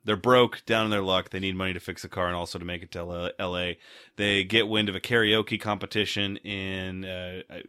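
A man's voice: low voice, little pitch movement, a little fast, bright, forceful tone, smooth, no room sound. A young man co-hosting a podcast, recapping a movie in a casual, profane, wry way. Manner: profane, laid-back, wry. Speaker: podcast co-host.

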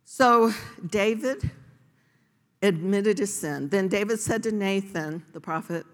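A woman's voice: mid-range voice, slow. A woman pastor delivering a sermon, earnest and emphatic, pressing her points with rhetorical questions. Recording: long hall reverb.

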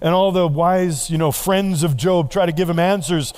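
Middle-aged guy preaching, kinda high voice, chatty, throws questions at the crowd. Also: normal speed, darkish tone, clear, resonant tone. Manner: conversational preaching, asks the congregation questions. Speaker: pastor. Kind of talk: sermon.

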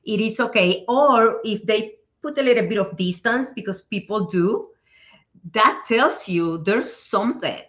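A woman, a real estate agent guest in an interview, calmly giving practical advice with everyday examples. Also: medium pitch, measured pace. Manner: calm, advising, gives practical examples. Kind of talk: casual interview chat.

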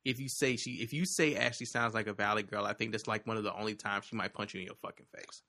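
A man co-hosting a casual chat, teasing and animated, with frequent swearing. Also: fairly low pitch, quick pace. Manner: profane, teasing, animated storyteller.

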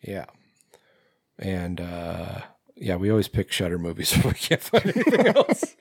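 A man's voice: low voice, wildly swooping pitch, measured pace, breathy edge, no room sound, clean studio sound. A man co-hosting a casual podcast chat, rambling with many fillers and restarts. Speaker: podcast co-host.

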